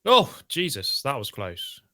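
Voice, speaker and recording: A man's voice: mid-range voice, wildly swooping pitch, measured pace, sharp tone. A man co-hosting a live stream, chatting casually over a race and reading viewer tweets. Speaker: stream co-host. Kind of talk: casual live race watch-along chat.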